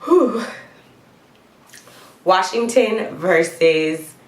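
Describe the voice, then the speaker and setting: Sick, coughing woman with a low voice. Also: expressive, drawn-out words. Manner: chatty, laughs between picks, says y'all. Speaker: vlogger giving football picks. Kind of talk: casual to-camera picks vlog. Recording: echoey room.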